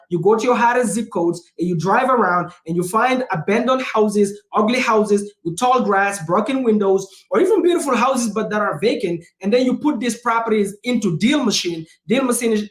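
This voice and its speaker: Energetic man talking in an echoey room. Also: sits high, a little fast. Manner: energetic, emphatic, repeats phrases for punch. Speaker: real estate investor hosting a livestream. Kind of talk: casual motivational talk.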